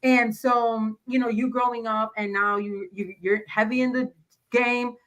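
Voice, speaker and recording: A woman's voice: fairly high pitch, steady tone, unhurried, a bit bright. A woman hosting a casual podcast interview who encourages her listeners and drops in Spanish words. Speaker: podcast host.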